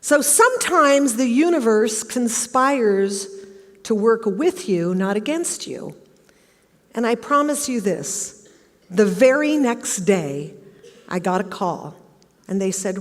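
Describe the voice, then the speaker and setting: Middle-aged woman, motivational stage talk, fairly high voice, long hall reverb. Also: expressive, slow. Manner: storytelling, acts out quoted questions. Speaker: speaker giving a talk. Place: large auditorium.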